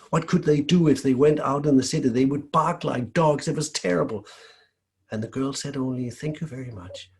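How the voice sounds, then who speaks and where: A man from Denmark telling a folk tale aloud in a lively, expressive way. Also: mid-range voice. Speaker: storyteller. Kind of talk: oral folk-tale storytelling.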